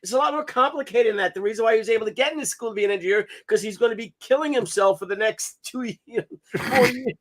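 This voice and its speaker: High-voiced man telling family stories. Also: quick pace. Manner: animated, swears freely, laughs through stories. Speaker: host of a comics livestream. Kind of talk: casual storytelling chat.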